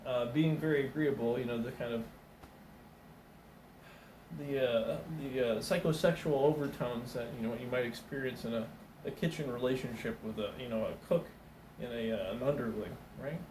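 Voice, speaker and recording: In this stand-up bit, a man with a medium-pitched voice wanders through a comic story at a moderate pace. He stumbles over fillers and restarts and does small voices for the characters, while the distant mic picks up reverb and background noise.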